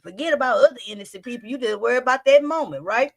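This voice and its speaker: A woman's voice: a little high, lively intonation, quick pace, gravelly, no echo. A woman hosting a reaction stream, chatting animatedly and reading out viewer comments. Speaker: host reacting to a storytime video. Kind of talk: casual reaction chat.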